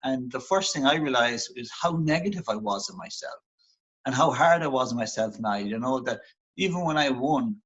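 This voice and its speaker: A man's voice: medium pitch, expressive, normal speed, a bit bright, breathy edge, lo-fi sound. An Irish man, a performance psychologist, talking earnestly and reflectively in an interview, coaching listeners on how they speak to themselves. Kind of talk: motivational interview talk.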